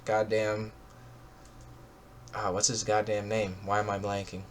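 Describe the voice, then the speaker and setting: A man's voice: fairly low pitch, monotone, a little slow, a little hiss or hum. A young man co-hosting a casual podcast, loose and profane, full of "bro" and "like.". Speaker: podcast co-host. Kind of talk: casual chat.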